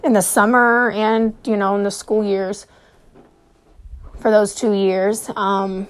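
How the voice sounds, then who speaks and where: A woman hosting a podcast, telling a personal story in a hesitant monologue with many pauses and fillers while sounding nervous and short of breath. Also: mid-range voice, flat delivery, smooth. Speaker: podcast host.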